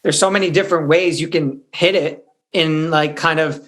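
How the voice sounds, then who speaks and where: A man's voice: on the high side, fairly even intonation, moderate pace, fairly bright tone. A man, a hip-hop artist, talking as a guest in a casual interview, loose and searching, full of "like"s and restarts.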